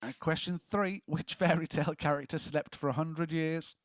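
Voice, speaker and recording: A man's voice: on the high side, moderate pace, slight background noise. A man hosting a casual quiz, reading questions and joking between answers. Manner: jokey, chuckling as he reads questions. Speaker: quiz host.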